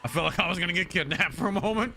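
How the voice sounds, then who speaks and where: A high-pitched, creaky, bright and forceful male voice fires off words rapidly over soft background music. The young American game streamer talks casually to his viewers live, reading and answering chat with brash, profane jokes.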